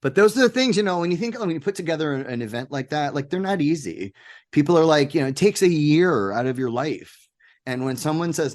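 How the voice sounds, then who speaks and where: Animated man telling a rambling story. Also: a little high, fairly quick. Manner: animated, rambling anecdotes with laughs and quoted voices. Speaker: interview guest, game maker. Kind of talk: casual interview storytelling.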